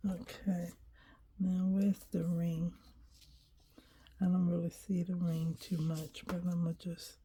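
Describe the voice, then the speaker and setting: A woman quietly talking herself through a coloring page, thinking aloud and often dropping to a whisper. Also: fairly low pitch, level tone, a little hiss or hum. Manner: unhurried and hesitant, thinking aloud. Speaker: coloring video creator. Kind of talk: casual narration while coloring.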